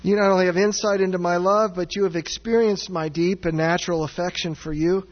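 A man preaching a sermon as pastor, earnest and searching, swinging from raised, near-shouted passages down to low, quiet ones. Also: steady tone, a little fast. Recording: dull sound with long hall reverb.

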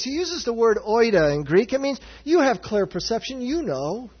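A man preaching a sermon as pastor, earnest and searching, swinging from raised, near-shouted passages down to low, quiet ones. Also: sing-song, normal speed, hardly any pauses, slightly rough. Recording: dull sound with long hall reverb.

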